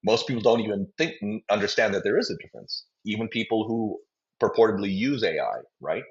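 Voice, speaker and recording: A man's voice: on the low side, expressive, fairly quick, highs cut off. A man, a company CEO, answering interview questions at length, rambling and acting out voices he quotes. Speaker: biotech company CEO, guest.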